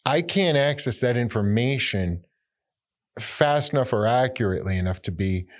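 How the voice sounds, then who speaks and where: A man's voice: medium pitch, animated, moderate pace. A man hosting an interview, thinking aloud and often repeating words as he shapes his points. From United States. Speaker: podcast host. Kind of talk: conversational interview.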